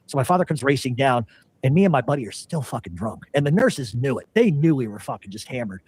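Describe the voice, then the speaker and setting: A man's voice: mid-range voice, big pitch swings, fast, a little mellow, husky. A man telling a rambling, profane story in a casual way.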